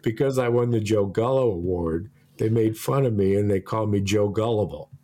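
A man with a fairly low voice tells meandering stories in a loose, conversational way. He laughs a lot as he talks and often starts his sentences over. He is middle-aged and talks like a regular co-host of the show. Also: normal speed, dark tone. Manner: laughs often, rambling anecdotes with restarts. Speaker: podcast co-host. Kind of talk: casual storytelling chat.

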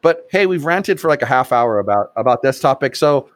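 A man's voice: mid-range voice, animated, a little fast, no echo, clean studio sound. A man hosting a podcast, talking bluntly in a casual discussion. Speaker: podcast host.

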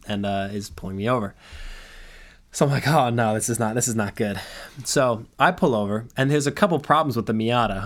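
A young man casually telling a long story, acting out quoted dialogue along the way. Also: mid-range voice. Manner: animated anecdote with quoted dialogue.

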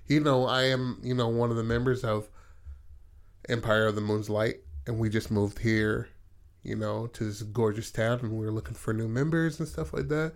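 A man casually pitching a story idea in loose, profane talk, acting out the characters' lines. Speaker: podcast host.

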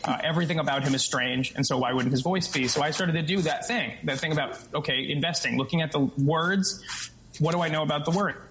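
A man with a fairly high tenor voice talks as a guest in an interview. He explains things in an animated way, restarting sentences and adding asides as he goes. A faint hiss sits under his voice. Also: fast, low-quality recording. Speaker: stage actor as guest. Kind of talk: casual interview talk.

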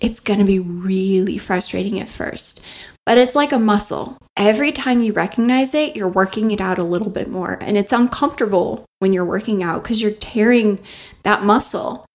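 A woman's voice: mid-range voice, moderate pace. A woman hosting a self-help podcast, talking earnestly and coaching her listeners with rhetorical questions, close to the mic. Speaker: podcast host. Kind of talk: motivational self-help talk.

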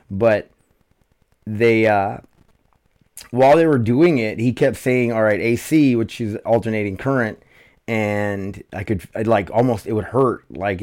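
Dealing with nerve pain, a man with a lowish, slightly mellow voice runs his own podcast in a loose, casual solo format. He rambles, swears, jokes at his own expense and uses plenty of fillers.

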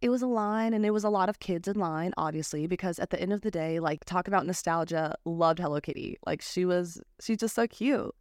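Casual podcast host, young woman, low-pitched, profane rant, dry close mic. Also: a little fast, hardly any pauses, a little mellow, dry recording. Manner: ranting, profane, lots of "like" fillers. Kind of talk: casual chat.

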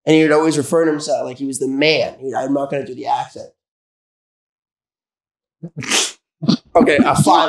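A man's voice: fairly high pitch, brisk, long pauses, reverberant. A man telling rambling, joking stories in casual podcast banter as a comedian guest.

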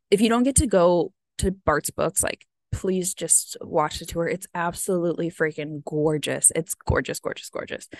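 A woman's voice: fairly low pitch, no echo. An American woman in her thirties, a vlogger chatting casually and rambling with lots of "like" and "um", a bit sniffly. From United States. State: sniffly from having teared up. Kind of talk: casual chat.

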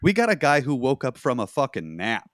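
A man's voice: medium pitch, sing-song, brisk. A man co-hosting a casual movie review podcast, blunt and riffing, with some swearing. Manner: blunt, swears, riffs on ideas. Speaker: podcast co-host.

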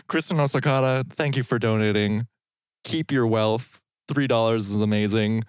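A man's voice: medium pitch, unhurried, no room sound, clean studio sound. A man co-hosting a comedy podcast in casual chat, riffing with self-deprecating jokes. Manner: joking, self-deprecating, rambling riffs. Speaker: podcast co-host.

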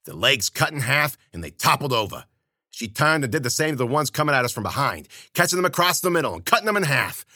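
A man's voice: medium pitch, sing-song, fast talker, bright, forceful tone, no echo, studio quality. A man telling a first-person story in hardboiled slang, with wry asides to the listener. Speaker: storyteller and podcast host.

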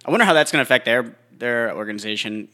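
A man's voice: mid-range voice, fast, pushed and bright. A man co-hosting a casual chat, rambling and making crude jokes.

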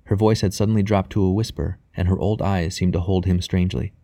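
A man reading a novel aloud as audiobook narrator, in a measured, even way. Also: low-pitched, gravelly, no room sound. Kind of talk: scripted narration.

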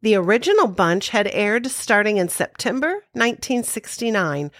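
Her medium-pitched, slightly bright voice comes through in studio quality without any echo. As a podcast co-host, she keeps things chatty and informative, reciting trivia in a casual recap sprinkled with playful asides.

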